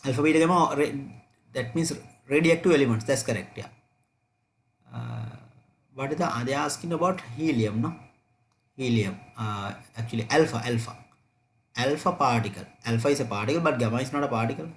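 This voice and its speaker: A man's voice: medium pitch, a little fast, pauses often, a little hiss or hum. A man teaching an online chemistry revision class, repeating key points and checking students' answers aloud.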